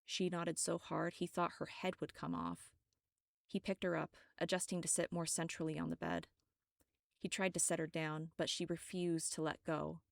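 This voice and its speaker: A woman reads her own dark story aloud in a steady, dramatic way. Her voice is low and gravelly with vocal fry. The recording is dry and close. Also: normal speed, no echo. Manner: steady, dramatic first-person reading. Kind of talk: audiobook narration.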